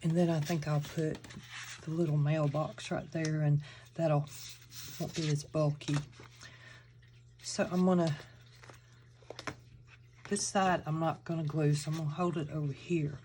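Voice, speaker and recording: Woman, Southern accent, low voice, chatty crafting tutorial, faint background noise. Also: flat delivery, a little slow, long pauses, warm tone. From Georgia, US. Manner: chatty, thinking aloud while working. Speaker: crafting channel host.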